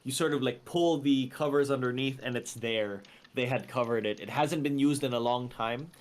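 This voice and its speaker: A man narrating a tabletop game as game master, describing scenes in a loose, relaxed way with frequent fillers. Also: mid-range voice, moderate pace.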